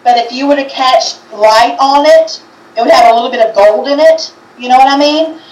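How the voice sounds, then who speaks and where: A woman chats casually on a livestream over a video call, speaking haltingly and often restarting her sentences. Her voice is somewhat high with a darkish tone, and she sounds distant from the mic in an echoing room.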